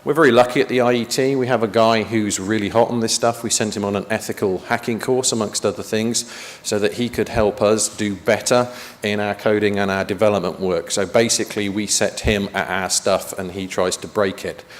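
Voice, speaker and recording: A man's voice: lowish voice, steady tone, a little fast, few pauses. A man giving a conference talk in a chatty style, with joking asides, in a meeting room. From United Kingdom. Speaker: conference presenter. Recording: long reverb of a meeting hall.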